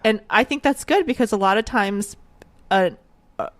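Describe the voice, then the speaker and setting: A woman's voice: mid-range voice, moderate pace, no room sound. Playful American woman hosting a podcast. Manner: playful, teasing, laughs a lot. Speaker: podcast host and comedian. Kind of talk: casual podcast interview.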